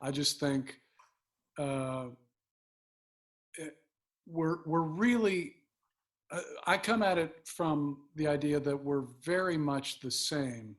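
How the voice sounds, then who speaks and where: A man's voice: on the high side, takes it slowly, pauses often. A man appearing as a comedian guest in a conversational interview, talking in an easygoing, thoughtful, self-deprecating way.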